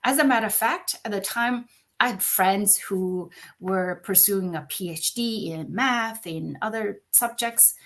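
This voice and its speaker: A middle-aged woman from China, a podcast guest and company founder, telling her story in an animated, conversational way and often checking in with "right?". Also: mid-range voice, measured pace. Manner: animated, frequent "right?" tag questions.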